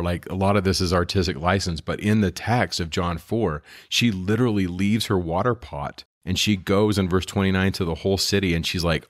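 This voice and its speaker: A man's voice: low-pitched, dry recording, studio quality. A man co-hosting a casual scripture discussion, retelling stories earnestly and with enthusiasm. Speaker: podcast co-host.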